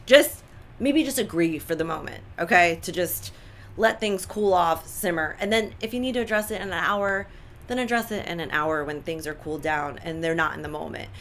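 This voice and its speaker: A bright, forceful woman co-hosting a lifestyle talk show. She chats casually and emphatically, driving her points home by repeating them. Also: mid-range voice. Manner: animated, emphatic, repeats herself. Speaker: co-host. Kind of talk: casual chat.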